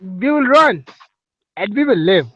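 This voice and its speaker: A man's voice: high-pitched, sing-song, a little slow, no room sound, heavily acted. Bold Scottish warrior rallying troops, a man doing an attempted Scottish accent; raised, declamatory, lo-fi. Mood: rousing. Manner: declamatory speech.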